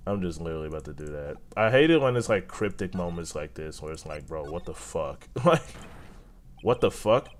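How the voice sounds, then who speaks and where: A man's voice: low voice, animated, brisk. A man streaming a video game, thinking aloud and reacting with frequent swearing and exclamations. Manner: profane, exclaiming, talks to himself. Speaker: gaming streamer. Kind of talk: casual let's-play commentary.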